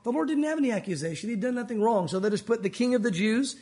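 A male pastor preaching to his congregation with real passion, calling them "guys" as he goes. His voice sits high for a man. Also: lively intonation, fast, a little mellow. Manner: passionate, talks to listeners as "guys". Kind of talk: sermon.

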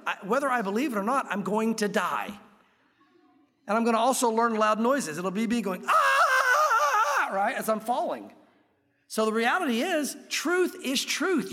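Man, high voice, pastor preaching, emphatic conversational sermon, church hall with long reverb. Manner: emphatic, conversational preaching with sudden loud peaks. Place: church sanctuary.

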